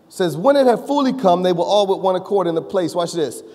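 High-voiced preacher in an echoing hall. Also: male voice, animated, fast. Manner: rising to shouts, joking with the congregation. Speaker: pastor. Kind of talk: preaching a sermon. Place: church sanctuary. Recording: long reverb of a church hall.

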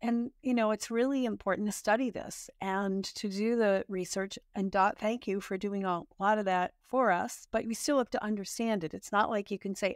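A woman's voice: mid-range voice, fairly even intonation, normal speed, few pauses, no room sound, studio quality. A woman hosting a podcast interview, upbeat and affirming toward her guest. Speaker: podcast host.

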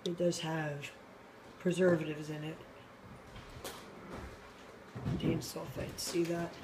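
A woman's voice: low-pitched, flat delivery, takes it slowly, background noise. Tired woman vlogging into her phone at home, blunt about the food, chewing while she talks. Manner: blunt, candid, talking with her mouth full. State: tired late at night. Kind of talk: casual food-tasting vlog. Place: home, indoors. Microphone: phone camera.

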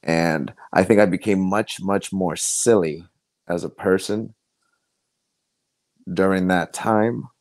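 A man with a low, deep voice recounts his life as a podcast guest. He speaks earnestly and haltingly, often restarting his sentences. The sound is close and dry, with no room around it. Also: a little mellow, dry recording. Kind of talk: personal storytelling in conversation.

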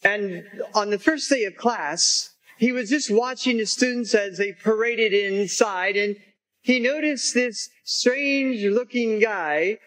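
A priest tells a story in a homily, gentle and unhurried. His voice is high for a man, and he speaks slowly and carefully. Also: poor audio.

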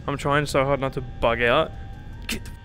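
A man's voice: mid-range voice, steady tone, normal speed, a bit bright, soft background music. A young man streaming a game, joking and swearing as he yelps at frights, with a slightly cracky voice. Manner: jokey, swears and yelps when startled. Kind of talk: excitable gameplay commentary.

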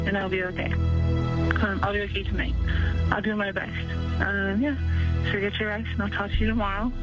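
A man's voice: sits high, low-quality recording. A man putting on a young woman's voice, reading a loving goodnight voicemail. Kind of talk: voicemail read aloud.

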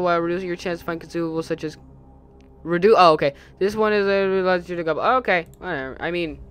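A man's voice: on the high side, a bit bright, slight background noise. A young man hosting a casual let's-play, rambling, correcting himself, humming and joking to himself as he plays. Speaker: gaming channel host.

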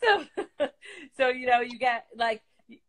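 Hosting a casual live video chat, a woman with a slightly high, animated voice asks questions hesitantly, halting and restarting often. The recording is rough.

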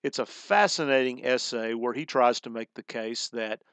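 Male instructor, middle-aged, mid-pitched, dry close recording, loose lecturing style with restarts. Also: moderate pace, fairly bright tone, clear, resonant tone, no echo. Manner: conversational, explains terms, frequent restarts and "uh"s. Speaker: college humanities instructor.

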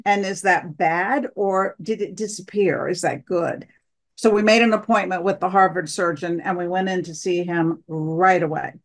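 A woman's voice: fairly low pitch, normal speed. A woman recounting a personal story in an interview, acting out the dialogue of the people in it. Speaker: guest, wife of the other guest.

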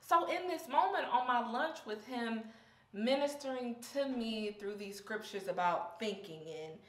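A young woman talks candidly and from the heart about faith, close to tears at moments. Her voice sits a little high, and the room around her rings with echo. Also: expressive, unhurried. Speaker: vlogger. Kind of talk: personal faith vlog.

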